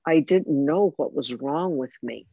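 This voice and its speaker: An older woman telling a personal faith story in conversation, animated and self-mocking, with frequent restarts. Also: deep voice, measured pace, vocal fry, dry recording, narrow, tinny audio. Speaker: guest sharing her testimony.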